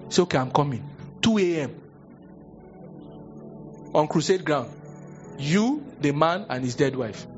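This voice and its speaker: Animated Nigerian pastor, lively high voice. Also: male voice, dull audio. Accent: Nigerian, Yoruba-speaking. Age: young adult. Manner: animated storytelling, acting out voices, sudden high exclamations. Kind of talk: sermon.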